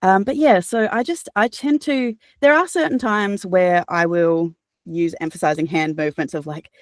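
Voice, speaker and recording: An Australian woman, an audiobook narrator and voice actor, chats earnestly as a guest in a casual interview, full of fillers and restarts. Her voice sits on the low side at a normal pace. The recording is dry and studio quality.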